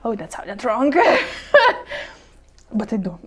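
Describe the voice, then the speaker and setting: At home and in no hurry, a woman with a high, slightly mellow voice gives a casual show-and-tell of her plants while faint music plays behind her. She's bubbly and gushing, giggles a lot, apologizes in asides, and makes small slips in English, her second language.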